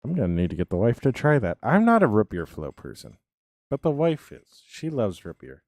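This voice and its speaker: Man, game streamer, casual rambling chat, answers viewers, lowish voice, very animated pitch. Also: brisk, dry recording.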